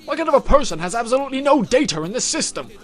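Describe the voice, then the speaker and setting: A man voicing a brusque, irritable young male police detective, reading game dialogue aloud with loud exasperation. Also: very high voice, sing-song, very fast, pitched above the performer's own voice, heavily acted. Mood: angry. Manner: loud, exasperated, shouting interrogation.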